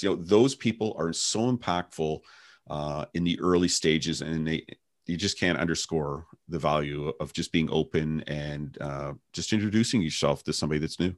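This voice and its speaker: A man's voice: extremely low pitch, moderate pace, dry recording, clean studio sound. A man co-hosting a podcast, reflective and telling personal anecdotes in casual conversation. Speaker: podcast co-host.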